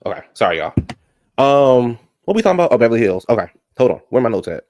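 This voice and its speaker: A man giving a sassy, gossipy casual recap of a reality show, talking back at the cast with a gravelly voice. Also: mid-range voice, lively intonation, brisk, a little mellow, no room sound, studio quality.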